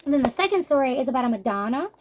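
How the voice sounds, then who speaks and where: An animated woman with a bright, high voice races through a manga review, with background noise behind her. She retells the plot loosely and rambles conversationally, dropping in lots of casual fillers and asides.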